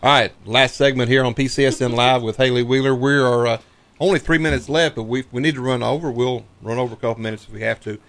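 Gravelly, halting male radio host. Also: medium pitch, steady tone, a bit bright. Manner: halting, repeats words, many fillers. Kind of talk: casual radio talk show.

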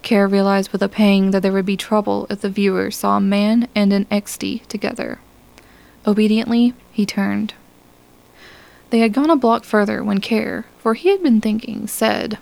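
A woman narrating a science fiction audiobook. Her delivery is calm and measured, with a mid-range voice and a noticeable gravelly texture. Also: mid-range voice, low-quality recording.

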